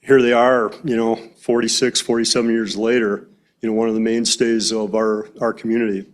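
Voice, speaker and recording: A man's voice: lowish voice, flat delivery, brisk. A man, president of a forestry company, speaking plainly at a county board meeting with frequent hesitations. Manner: plain-spoken, many "uh" fillers.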